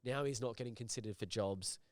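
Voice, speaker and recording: A man, a recruitment agency director, telling an anecdote in casual chat, animated and swearing freely. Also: medium pitch, brisk, no echo. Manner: animated, swears a lot, acts out voices in anecdotes.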